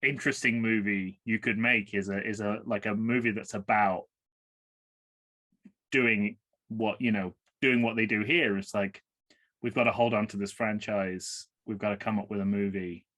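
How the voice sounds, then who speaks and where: Lowish and steady with a sharp tone, this man talks at a moderate pace while co-hosting a podcast movie watch-along. His chat is casual and rambling, full of self-corrections and trailing endings.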